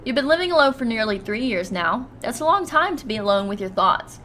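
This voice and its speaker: Cruel mean date girl from a game, woman reading her lines, bright sharp voice, scornful. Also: a little high, very animated, fairly quick, slight background noise. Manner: harsh, scornful insults. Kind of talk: reading game dialogue aloud.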